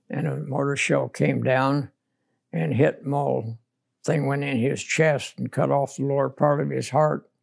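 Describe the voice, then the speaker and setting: An older man with a gravelly, rough-edged voice tells his war memories plainly and bluntly. He speaks as a veteran being interviewed for an oral history, matter-of-fact and unsentimental. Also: mid-range voice.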